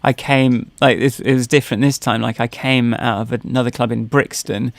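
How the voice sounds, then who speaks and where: A man's voice: medium pitch, steady tone, moderate pace, dry recording. A man co-hosting a podcast, telling personal stories in casual chat, rambling with many fillers and restarts. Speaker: podcast co-host.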